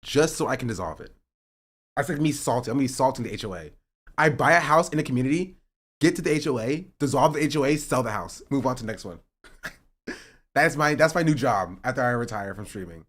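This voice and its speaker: A young male streamer talks casually with his audience. His pitch swings widely as he jokes sarcastically. At times he works himself up into a heated rant. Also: brisk. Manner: joking and sarcastic, reading chat aloud; rising to animated ranting. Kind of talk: casual livestream chat.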